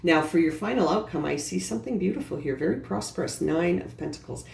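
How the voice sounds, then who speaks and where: A woman gives an earnest, reassuring tarot reading, addressing the listener directly and casually in a fast, gravelly voice that is fairly low-pitched and darkish. The recording has a roomy echo and faint background noise.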